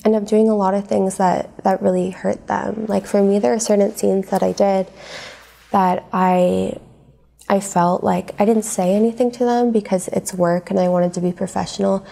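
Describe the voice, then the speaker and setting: A woman's voice, dark and gravelly with fry, at a middle pitch. She speaks softly and hesitantly as a guest in an interview, giving a personal account. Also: fairly even intonation, moderate pace.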